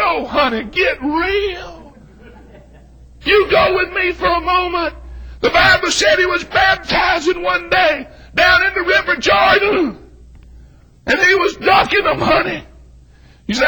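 A middle-aged man with a Southern US accent preaching a fiery, folksy sermon, shouting and whooping with exclamations. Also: very high-pitched, unhurried, rough recording. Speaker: Baptist preacher. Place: church sanctuary.

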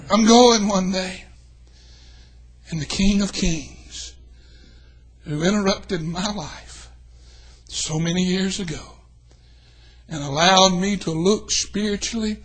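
An older man preaching a revival sermon in a church, telling folksy stories and swinging from hushed tones to shouting. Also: sits high.

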